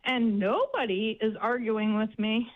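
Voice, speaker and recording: A woman's voice: on the high side, steady tone, measured pace, narrow, tinny audio. A woman calling in to a radio show, chatty and giggly. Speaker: caller. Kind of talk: phone-in radio chat.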